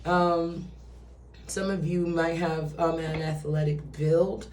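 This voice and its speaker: A woman's voice: low voice, little pitch movement, takes it slowly, a little mellow, slight background noise. A woman giving a casual, chatty tarot reading who swears and acts out quoted voices. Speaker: tarot reader. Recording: roomy echo, distant from mic.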